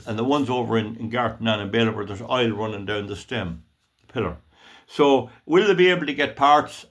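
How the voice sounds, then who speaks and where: A man's voice: fairly low pitch, a bit bright. A man with a west of Ireland accent giving a blunt, scornful solo commentary on news articles for his channel. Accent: Irish, west of Ireland. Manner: blunt, scornful rant, mock-emotional jeering. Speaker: YouTube commentator.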